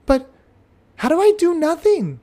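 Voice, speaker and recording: A man voicing a small eager child who stammers out puzzled questions in a high, pleading voice. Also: wildly swooping pitch, unhurried, dark tone, full character voice.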